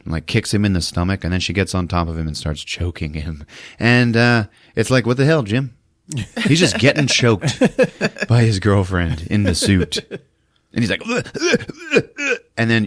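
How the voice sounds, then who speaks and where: A man's voice: sits low, dry recording, studio quality. A man hosting a podcast, retelling a movie casually, laughing often and acting out the characters' lines. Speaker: podcast host.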